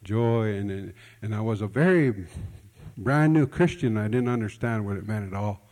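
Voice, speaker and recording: Folksy pastor with hall reverb. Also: male voice, lowish voice, normal speed, a little mellow. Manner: folksy, conversational telling with repeated words and nonstandard grammar. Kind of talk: sermon storytelling. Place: church hall.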